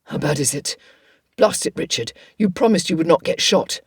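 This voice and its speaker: A woman voicing a reserved young gentleman spy, clipped and formal, in a storybook reading. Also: low-pitched, lively intonation, normal speed, gravelly, slightly rough, dry recording, clean studio sound, heavily acted. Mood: worried.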